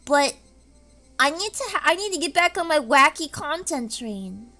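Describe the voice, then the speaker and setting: A woman's voice: high-pitched, big pitch swings, moderate pace, bright, forceful tone. A woman streaming casually from home, rambling in an erratic way and breaking into screams and laughs. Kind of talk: casual live-stream chat.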